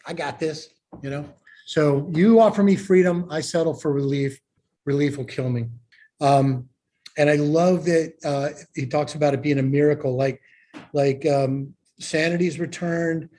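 A man sharing at a recovery meeting, earnest and self-deprecating, with quick asides. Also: a little high, fairly even intonation, dark tone.

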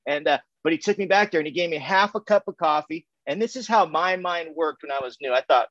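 Fast and with few pauses, a man in a slightly high, fairly bright voice recounts his recovery at a meeting, joining by video call from home. He wanders through it casually, restarting often, using lots of fillers, and laughing a lot; the lo-fi recording has no room sound.

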